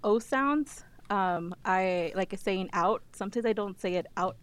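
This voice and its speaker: A woman's voice: medium pitch, unhurried, clean tone. A woman with a slight Minnesota accent, chatting casually as a podcast guest co-host, laughing often and using lots of fillers.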